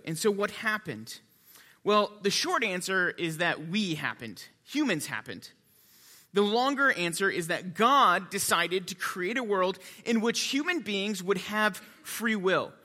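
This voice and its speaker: A male pastor preaching a sermon, lively and jokey in his asides, quiet and reverent when he prays. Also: high voice. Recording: long reverb of a large hall.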